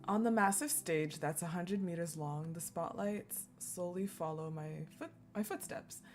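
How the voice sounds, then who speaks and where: Streamer woman reading and reacting loudly. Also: mid-range voice. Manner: reads aloud, breaks off laughing and swearing. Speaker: gaming streamer. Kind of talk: casual story reading with reactions.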